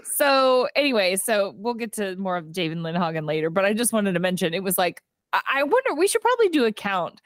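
A woman co-hosting a casual movie recap chat, giggly and animated as she retells scenes. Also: medium pitch, a little fast, dry recording, clean studio sound. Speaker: podcast co-host.

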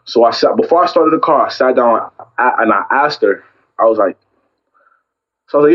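A young man casually telling a story about a fight with a girlfriend, acting out both sides with lively quoted lines. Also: medium pitch, brisk, lo-fi sound. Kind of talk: casual chat.

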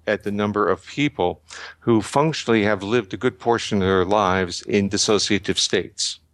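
A man's voice: on the low side, moderate pace, dry recording. An older man answering interview questions, explaining ideas at length with frequent restarts and fillers. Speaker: guest researcher.

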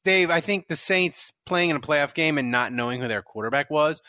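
Casting note: man host, bright forceful voice, animated rambling sports talk, dry close sound. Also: fairly high pitch, a little fast, no room sound. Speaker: podcast host. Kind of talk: casual sports talk show.

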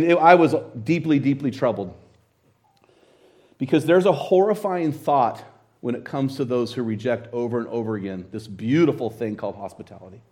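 A middle-aged American man preaching a sermon, telling a story in a lively, conversational way and quoting scripture. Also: mid-range voice. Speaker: pastor.

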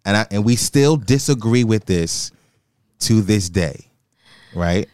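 A man tells a personal story in a casual chat. He gets animated and quotes himself. The sound is close and dry. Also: on the low side, slow pace, clear, resonant tone, no room sound. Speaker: guest telling his story.

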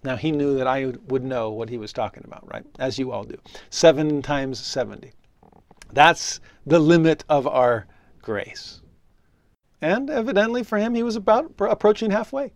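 A middle-aged man delivers a sermon in a conversational, storytelling way. He is earnest, and his voice often sinks softly at the ends of phrases. The recording is close and dry, with no room sound. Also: fairly high pitch, normal speed, no echo. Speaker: preacher and religious teacher.

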